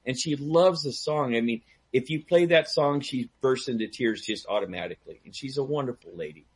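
A man telling a long story in casual chat, animated and laughing, acting out the people he quotes. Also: medium pitch, fairly quick, slightly rough. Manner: animated, acts out quoted voices, laughs a lot. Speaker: guest storyteller; DJ and karaoke host. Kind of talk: casual storytelling on a call-in talk show.

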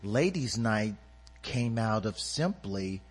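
Laid-back, slow-talking male radio guest. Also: fairly low pitch, big pitch swings, breathy edge. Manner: laid-back, agreeable, easygoing. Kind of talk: relaxed radio chat.

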